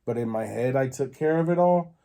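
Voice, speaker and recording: Mellow-voiced man telling a rambling story. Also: medium pitch, a little fast, creaky. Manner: rambling, many fillers and restarts. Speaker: podcast host. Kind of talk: casual storytelling.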